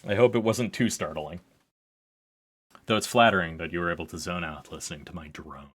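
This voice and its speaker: Brisk and low-sitting, this man's voice has a fairly bright tone. He's livestreaming a visual novel, chatting in a loose, rambling way while reading out the on-screen text.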